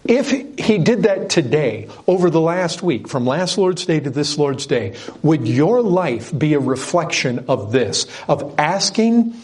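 Man, preacher, sermon, earnest, emphatic, husky voice. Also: fairly high pitch, big pitch swings, measured pace, few pauses, a little mellow. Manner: earnest, emphatic, repeats words for stress.

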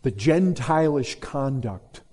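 A man preaching an expository sermon to a congregation, emphatic and direct, repeating key words and dropping low and slow for stress. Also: expressive, husky. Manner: emphatic, swings between loud stress and low slow drops. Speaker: pastor.

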